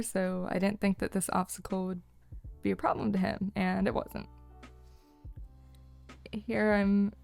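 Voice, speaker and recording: Creaky-voiced woman narrating a vlog. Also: medium pitch, warm tone. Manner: cheerful, laughs often. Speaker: horse owner, vlogger.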